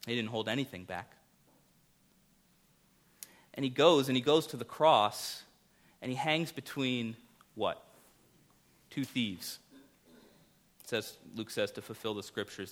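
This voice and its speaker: A man preaching a sermon as pastor, earnest, rising to loud emphasis and dropping to quiet, intimate lines. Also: lowish voice.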